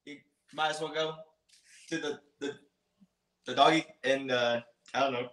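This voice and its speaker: A young man putting on a clumsy, halting fake Australian accent that drifts toward Irish. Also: medium pitch, steady tone, a bit bright, voice pushed up, lightly acted. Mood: playful. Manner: halting, fumbling for words. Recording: roomy echo.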